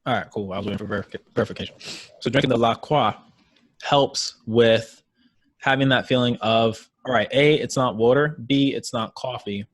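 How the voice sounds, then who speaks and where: A man's voice: medium pitch, moderate pace, no room sound. A man co-hosting a fitness podcast, rambling casually with many "like"s and "um"s. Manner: rambling, heavy use of "like" and "um". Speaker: podcast co-host, trainer. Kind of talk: casual chat.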